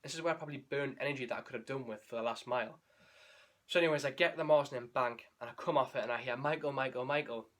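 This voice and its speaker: A man's voice: mid-range voice, racing, a bit bright. Candid man recapping a race. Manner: candid, emotional, rambling with restarts. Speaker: running vlogger.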